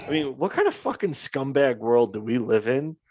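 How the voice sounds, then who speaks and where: Swearing, animated man in casual chat. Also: medium pitch, normal speed. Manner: profane, animated storytelling with quoted dialogue. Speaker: podcast co-host.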